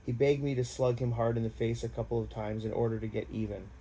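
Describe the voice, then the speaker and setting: A man reading a war memoir aloud in a plain, unpolished way, with a mid-range voice. His tone is dark and mellow, and a faint hiss sits under the reading. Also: medium pitch, fairly even intonation, quick pace, rough recording. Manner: plain, unpolished, casual asides. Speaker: audiobook reader.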